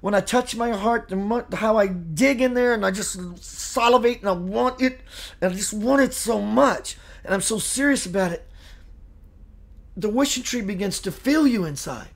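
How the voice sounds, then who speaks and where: Guy teaching spiritual stuff on a live show, soft earnest meditative talk. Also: high-pitched, moderate pace, gravelly. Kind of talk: live spiritual talk reading viewer comments.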